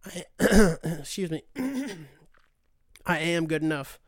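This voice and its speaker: A man's voice: a little high, expressive, takes it slowly, no room sound, studio quality. A man hosting a podcast, rambling in a profane, self-deprecating monologue and saying dude a lot. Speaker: podcast host. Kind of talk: casual monologue.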